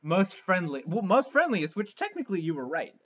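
A man's voice: high voice, very animated, brisk, fairly bright tone, breathy edge. A young man co-hosts a podcast, telling crude stories in a loose, rambling way full of fillers. The recording sounds slightly dull. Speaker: podcast co-host. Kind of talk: casual comedic chat.

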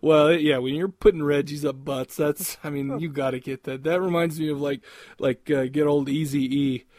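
A man chatting casually on a podcast, rambling and laughing at his own crude jokes. His voice sits a little high. The mic is close and the sound is dry. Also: fairly even intonation, moderate pace, darkish tone, no echo. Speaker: podcast co-host. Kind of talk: casual chat.

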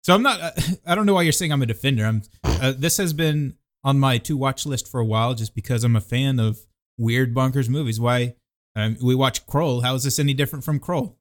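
A man's voice: medium pitch, fairly quick. Jokey, laughing male podcast co-host. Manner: jokey, laughs often while talking. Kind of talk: casual movie review chat.

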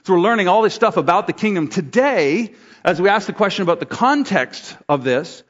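A middle-aged male pastor gives a casual, conversational sermon, slipping into voices to act out examples. His voice sits a little high. The sound is slightly dull and rings with the long reverb of a large hall. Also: lively intonation, fairly quick. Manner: conversational preaching with acted asides.

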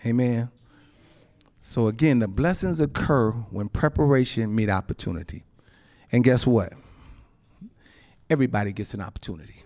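Pausing often at a moderate pace, this male pastor delivers his sermon with frequent amens and chuckles. His voice shifts from soft, low asides to loud, high exclamations.

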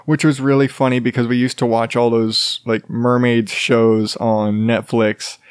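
A man's voice: mid-range voice, little pitch movement, unhurried, smooth, no echo, studio quality. A man hosting a podcast alone, rambling in casual chat with many fillers and restarts and chuckling now and then. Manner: chuckles while talking. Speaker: podcast host. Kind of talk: solo casual monologue.

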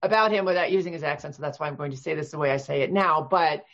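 A woman in her fifties, an author guest chatting casually in an interview, talkative and quick to laugh, with many restarts. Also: low-pitched, fairly bright tone, lo-fi sound. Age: 50s.

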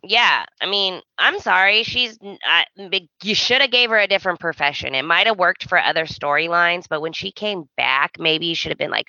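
A woman's voice: on the low side, very animated, moderate pace, gravelly, bright, forceful tone, dry recording, lo-fi sound. A woman co-hosting a podcast, recapping a soap opera in a chatty, playfully snarky casual chat. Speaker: podcast co-host.

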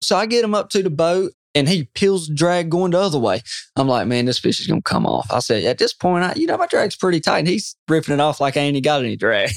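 A man, a guest telling an excited fishing story in an interview, quoting himself often. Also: a little high, fast talker, no echo, clean studio sound. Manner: excited, animated storyteller who quotes himself a lot. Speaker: guest angler.

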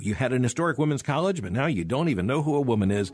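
Middle-aged guy doing pointed radio commentary, kinda husky, dry studio sound. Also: medium pitch, lively intonation, rapid-fire, few pauses, a little mellow, no echo, soft background music. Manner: emphatic, sarcastic asides.

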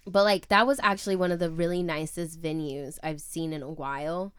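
Chatty young woman, lowish voice, swears freely, full of fillers, dry close sound. She talks casually as a podcast co-host and keeps her speech loose and unpolished. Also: steady tone, a little fast, smooth, dry recording. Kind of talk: casual chat.

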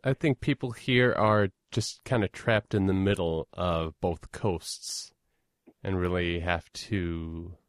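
A Minnesotan podcast host chats casually, rambling and self-deprecating, with lots of filler words. His voice sits low with a fairly bright tone, captured in a dry, studio-quality recording.

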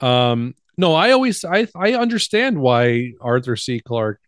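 A man's voice: medium pitch, big pitch swings, measured pace, no room sound. Chatty middle-aged man, dry close sound. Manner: rambling, chatty, drifts off mid-thought. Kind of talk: casual chat about a film.

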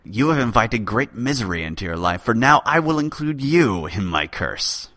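A proud old chief poet snaps out threats in a raised, pinched voice, as a man puts him on. The tone is sharp and bright over a naturally low register, read close and dry. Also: big pitch swings, moderate pace, dry recording. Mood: indignant.

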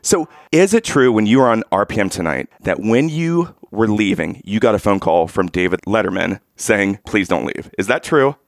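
A man's voice: lowish voice, moderate pace, creaky, hardly any pauses, no room sound, clean studio sound. A man hosting a podcast, asking his guest questions and reacting with easy laughter. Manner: lively, reactive interviewer who laughs readily. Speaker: podcast host. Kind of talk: casual interview.

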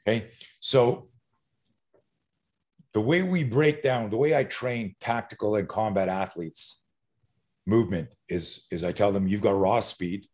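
Profane middle-aged self-defense instructor. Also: male voice, fairly low pitch, a little slow, pauses often. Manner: animated, profane, acts out scenarios. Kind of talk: podcast guest interview.

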